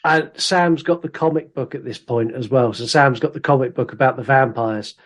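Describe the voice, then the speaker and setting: A man at a middle pitch talks through a movie on a podcast. He speaks casually and swears freely. He sounds keen as he shares behind-the-scenes facts. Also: moderate pace. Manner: enthusiastic, swears freely, shares film trivia. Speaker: podcast co-host. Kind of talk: casual film review chat.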